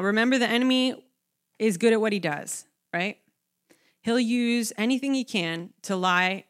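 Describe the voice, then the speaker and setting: A young woman preaching a conversational sermon, animated and talking to the congregation, acting out scenes. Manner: animated, conversational, acts out the disciples with rising pitch.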